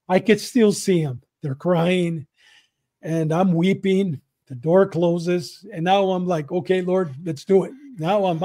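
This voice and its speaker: A middle-aged man with a fairly high but mellow voice tells a deeply personal story in an earnest, repetitive way. He slips into remembered conversations as he goes. The recording is dry and close. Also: no room sound. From Southern California. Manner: earnest, repeats himself, acts out both sides of remembered dialogue. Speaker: guest, retired police detective.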